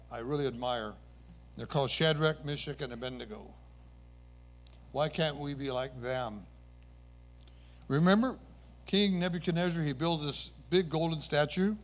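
A man's voice: mid-range voice, normal speed, pauses often. A man preaching a sermon, retelling scripture stories with earnest emphasis and occasional self-corrections.

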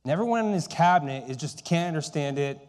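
A man preaching a sermon, telling stories and dropping between loud emphasis and hushed, quiet lines. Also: on the high side, animated, fast talker. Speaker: pastor.

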